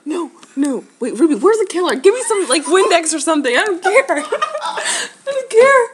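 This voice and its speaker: A woman's voice: very high voice, animated, fast talker. A teenage girl in a casual home video, shrieking and laughing in panic. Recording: noisy home camera recording.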